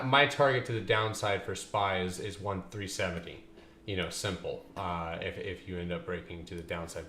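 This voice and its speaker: A man's voice: deep voice, a bit bright. A man hosting a stock trading livestream, chatting loosely with viewers, joking and swearing as he walks through charts. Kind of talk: casual market commentary. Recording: echoey room with faint ambient noise.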